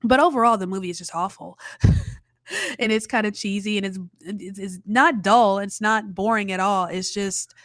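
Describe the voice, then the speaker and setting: A woman's voice: mid-range voice, fairly even intonation, moderate pace, dry recording, studio quality. A woman giving a casual spoken film review, chatty with many fillers and wry, exaggerated exasperation. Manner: chatty, frequent "you know" fillers.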